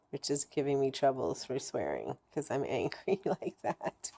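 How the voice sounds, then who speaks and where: A woman's voice: rumbling low, sing-song, a little slow, gravelly, few pauses, dark tone, husky. A woman recording a candid personal video diary, talking bluntly, swearing heavily and rambling with many restarts. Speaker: vlogger.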